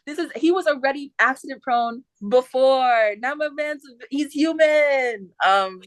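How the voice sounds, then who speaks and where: A young adult woman hosting a podcast, chatting in a lively way, laughing often and acting out the book's characters in quick voices. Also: high-pitched, dry recording. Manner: animated retelling with many voices, laughing often. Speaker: podcast host. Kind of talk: casual chat.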